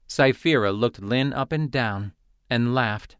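A man reading a novel aloud as an audiobook narrator, in steady scripted narration. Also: mid-range voice, slow, clear, resonant tone, no echo, clean studio sound.

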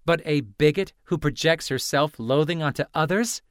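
A man's voice: fairly high pitch, normal speed, clear, resonant tone, no room sound, studio quality, voice pushed up, natural voice. A man voicing a fiery, snide young female student in an audiobook. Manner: snide, combative.

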